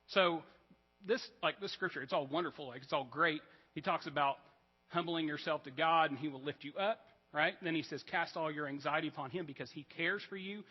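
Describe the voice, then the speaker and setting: A man's voice: on the high side, brisk. A man preaching a conversational sermon as pastor, talking casually with frequent "like" and "right?" check-ins. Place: church sanctuary. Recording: dull, reverberant church hall.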